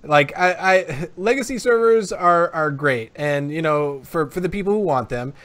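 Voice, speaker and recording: A man on a gaming podcast with a slightly high voice. He speaks bluntly and offhandedly, brushing topics aside in casual chat. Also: lively intonation, normal speed, a bit bright. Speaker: podcast co-host.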